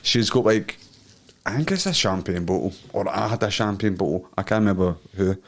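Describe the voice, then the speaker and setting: Scottish guy on a podcast, lowish voice, keeps laughing through his crude stories. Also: expressive, a little fast, creaky. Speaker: podcast co-host. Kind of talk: casual chat.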